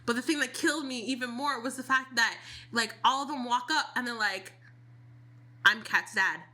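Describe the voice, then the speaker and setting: Woman cohost chatting about a show, super bright voice, kinda high, acts out the quotes. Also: a little fast. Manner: animated storytelling, laughs often, acts out quotes. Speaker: podcast co-host. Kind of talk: casual chat.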